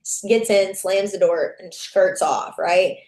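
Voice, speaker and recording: A young adult woman guesting on a podcast speaks slowly in a fairly low, darkish voice. She tells a personal story bluntly, cursing freely and imitating people's lines, with echo from the room around her.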